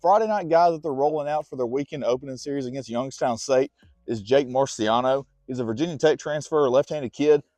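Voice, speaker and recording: A man's voice: mid-range voice, a little fast, mellow, dry recording. Winded man chatting sports on a walk. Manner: chatty, talks to his dog between points. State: winded from walking. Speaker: sports vlogger. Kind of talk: casual sports chat while walking. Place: outdoors on a walk.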